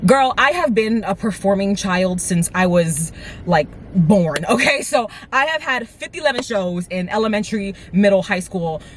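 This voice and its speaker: A woman in her twenties telling a dramatic storytime vlog to her viewers, with lively asides. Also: medium pitch, normal speed, slight background noise. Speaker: vlogger. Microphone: camera mic.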